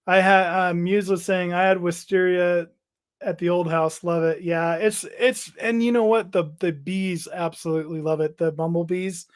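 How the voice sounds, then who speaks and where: A man's voice: high-pitched, steady tone, clean tone. A man hosting a casual hobby livestream, chatting loosely, reading out viewer comments and trailing off into restarts. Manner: rambling, halting, reads out chat messages. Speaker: livestream host.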